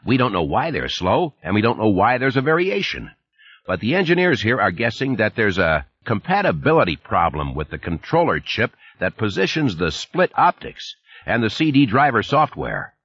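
A man voicing a groggy, gravelly middle-aged male factory manager who keeps coughing, in an audiobook reading. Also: lowish voice, big pitch swings, moderate pace, fairly bright tone, dry recording, dull audio, heavily acted. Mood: worried.

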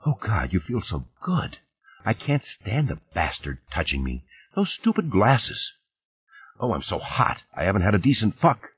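A man's voice: fairly low pitch, huge pitch swings, unhurried, breathy edge, lo-fi sound, exaggerated voice. A man reading a breathless, passionate woman. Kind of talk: audiobook reading.

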